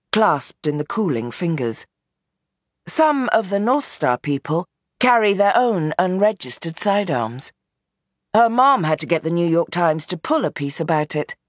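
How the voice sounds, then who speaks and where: A woman reading a novel aloud in measured, tense scripted narration. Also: low-pitched, husky, dry recording, studio quality. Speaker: audiobook narrator.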